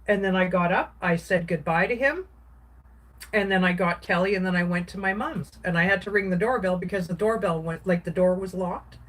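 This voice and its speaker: Woman vlogger rambling through a story, lots of likes and restarts, soft and low-key. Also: a little fast. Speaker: craft vlogger. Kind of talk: casual storytelling while crafting.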